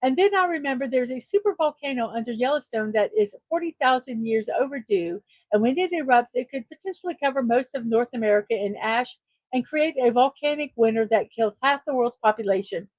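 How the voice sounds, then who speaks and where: A woman's voice: on the high side, expressive, brisk, darkish tone, dry recording, dull audio. A woman hosting a casual livestream show, reading memes aloud and chuckling at her own jokes.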